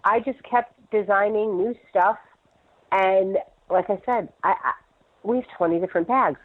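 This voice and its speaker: A woman's voice: mid-range voice, moderate pace. A middle-aged woman entrepreneur chatting as an interview guest, telling stories animatedly and laughing often. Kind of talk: casual interview chat. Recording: tinny phone line.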